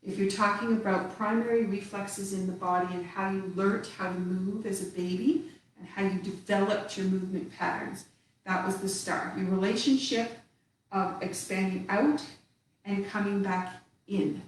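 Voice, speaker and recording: A woman teaching a tai chi class, calmly cueing each movement step by step with the odd laugh. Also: medium pitch, slight background noise. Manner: slow calm cueing of movements, occasional laughs. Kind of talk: live online movement class. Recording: echoey room, speaker far from the mic.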